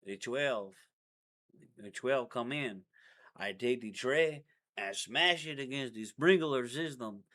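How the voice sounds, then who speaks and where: A man voicing a boastful Mexican ex-con from Tijuana with a put-on Mexican accent and rough street slang. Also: medium pitch, animated, slow pace, bright, forceful tone. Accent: put-on Mexican Spanish.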